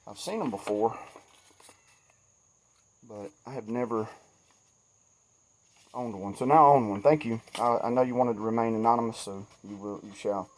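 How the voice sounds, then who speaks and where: A man's voice: lowish voice, normal speed, long pauses, slight background noise. A middle-aged man with a Southern US accent talking casually and folksily outdoors by a wooded trail, sweaty and a bit shaky after yard work. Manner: folksy, chatty, self-deprecating. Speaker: outdoors vlogger. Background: insects and crickets.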